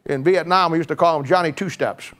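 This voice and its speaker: A man's voice: fairly high pitch, fast, noisy background. A man in his sixties giving a conversational sermon, joking and rambling through stories with frequent restarts. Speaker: preacher.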